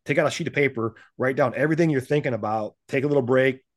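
A man talking as a podcast guest in casual chat, lively and animated, acting out what other people say and laughing often. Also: medium pitch, fast. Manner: animated, acts out quoted voices, laughs often. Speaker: podcast guest, business and gym owner.

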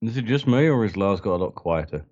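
A man's voice: lowish voice, lively intonation, quick pace, darkish tone. Easygoing man on lo-fi voice chat. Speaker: player. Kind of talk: casual voice chat.

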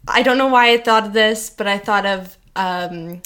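A woman's voice: medium pitch, normal speed, a bit bright. A young adult woman co-hosting a casual chat podcast, chatty and rambling, often correcting herself mid-sentence. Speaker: podcast co-host.

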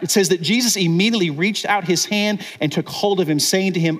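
A man preaching a sermon in a casual, conversational way, acting out what the people in the story are thinking and dropping to a quiet, intense voice for serious points. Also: high-pitched, a little fast, few pauses. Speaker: pastor.

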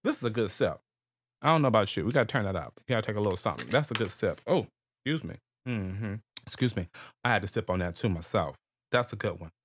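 A man's voice: on the low side, animated, quick pace. A man hosting a podcast in a playful, chatty way, calling his listeners darling and girlfriends. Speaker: podcast host. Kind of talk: casual podcast chat.

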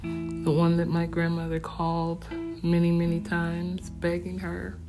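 Woman, storyteller vlogger; gravelly, flat-toned low voice, unhurried, subdued and reflective, over soft guitar music. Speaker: vlogger telling her family story. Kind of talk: personal storytelling. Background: soft acoustic guitar music.

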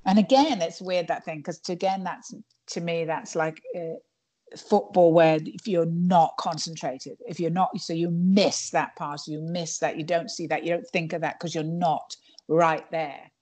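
A woman's voice: lowish voice, steady tone, unhurried, a little mellow. A woman stand-up comedian chatting in an interview, digressive and full of restarts. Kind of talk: casual interview chat.

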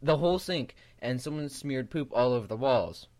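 A man on a casual group podcast call, telling stories in a lively way and laughing often. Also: mid-range voice, moderate pace, a crowd in the background. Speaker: podcast co-host.

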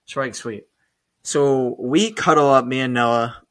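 A man's voice: medium pitch, a little slow. Young man, podcast co-host, casual stories, lots of swearing, mid-range voice. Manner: swears often, animated storyteller, laughs mid-story. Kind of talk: casual storytelling chat.

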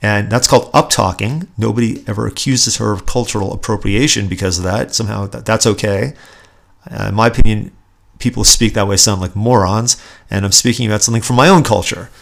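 Male podcast host, lowish gravelly voice, indignant and emphatic. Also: fairly even intonation, fairly quick, fairly bright tone. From Southern California, USA. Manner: indignant, sarcastic, emphatic with repeated restarts. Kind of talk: opinionated solo commentary.

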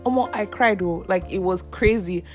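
A woman's voice: medium pitch, moderate pace, a little mellow, faint music behind. A young woman, hosting a podcast and telling a personal story casually, laughing often. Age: 20s. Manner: chatty, laughs often, acts out quoted voices. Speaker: podcast host.

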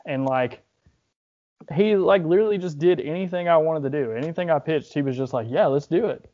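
A man's voice: fairly high pitch, fairly quick, warm tone, highs cut off. A young man on a podcast, talking in a loose, rambling way with lots of filler and swearing, sounding grief-stricken and close to tears. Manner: rambling, heavy use of filler "like", frequent swearing. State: grieving, holding back tears. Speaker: podcast host, wrestler. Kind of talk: casual podcast talk.

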